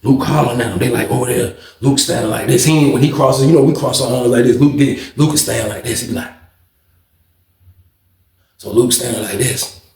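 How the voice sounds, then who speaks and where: Animated man telling a story in an echoey room. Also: medium pitch, brisk, creaky, a little hiss or hum. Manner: animated, acts out quotes and punch sounds. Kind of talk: casual prison storytelling.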